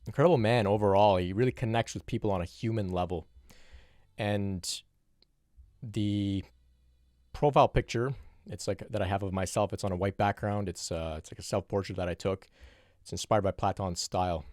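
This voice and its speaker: A man speaking as a spiritual teacher, answering a viewer's question in a reflective, unhurried monologue with frequent restarts. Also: sits low, darkish tone, no room sound, clean studio sound. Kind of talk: solo Q&A monologue.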